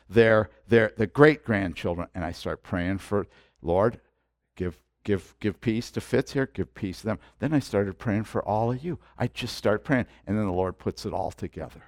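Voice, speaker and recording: An older man preaching a sermon in a conversational storytelling way, moving between soft asides and loud preaching. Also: lowish voice, no room sound, studio quality. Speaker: pastor.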